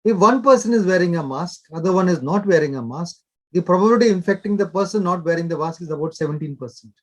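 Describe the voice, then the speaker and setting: Older male doctor, high voice. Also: animated, fast talker. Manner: instructive, short repeated directives. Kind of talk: explanatory interview talk.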